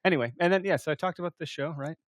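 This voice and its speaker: Joking podcast host, dry sound. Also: male voice, a little high, very fast, no echo. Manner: joking, swears casually. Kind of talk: casual chat.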